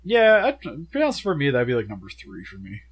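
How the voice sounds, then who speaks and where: A young man co-hosting a casual movie review, chatty and animated with lots of filler words, feeling sick. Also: medium pitch, quick pace, slightly rough. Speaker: co-host of a movie review show.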